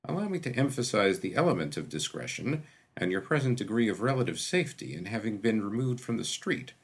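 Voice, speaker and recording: A man performs a full character voice as a dry, pompous, middle-aged physician who speaks precisely and wordily with a drawl, staying dry and unruffled. His pitch is fairly low with big swings, and he sounds brisk and husky.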